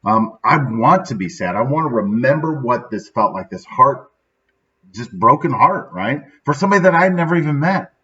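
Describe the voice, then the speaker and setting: A man's voice: medium pitch, expressive, normal speed, sharp tone, far from the mic. A middle-aged man hosts his daily motivational talk in a sad, subdued mood. He speaks casually and reflectively, often checking in with "right?". The recording is slightly dull and picked up from a little way off the mic. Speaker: podcast host.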